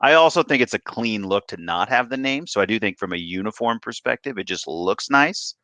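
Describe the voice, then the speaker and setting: A man's voice: fairly low pitch, lively intonation, a little fast, pushed and bright, dry recording. A man co-hosting a sports podcast, talking casually and rambling with frequent restarts. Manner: rambling, self-interrupting, restarts often. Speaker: podcast co-host.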